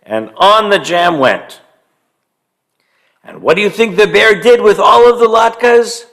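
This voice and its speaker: A man telling a story to young children, animated and stopping to quiz them and have them join in. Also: sits high, unhurried, vocal fry. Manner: animated, quizzes young listeners.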